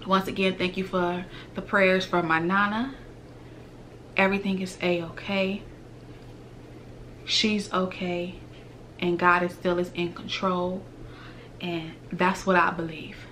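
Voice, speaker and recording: A woman's voice: lowish voice, level tone, slow, long pauses, fairly bright tone, slight background noise. A woman, talking earnestly to her viewers in a heartfelt vlog. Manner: earnest, heartfelt, repetitive, slips into whispers. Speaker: vlogger. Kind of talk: emotional direct-to-camera talk.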